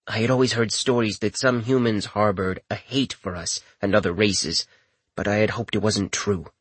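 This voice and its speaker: A man voicing an earnest young male sprite who speaks in a measured way. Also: on the low side, fairly even intonation, slightly rough, dry recording, pitched below the performer's own voice.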